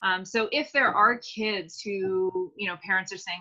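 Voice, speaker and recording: A woman's voice: mid-range voice, fairly even intonation, measured pace, pushed and bright. A woman hosting a casual interview over a video call. She speaks hesitantly, with many fillers as she frames her questions. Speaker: host. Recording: muffled lo-fi audio.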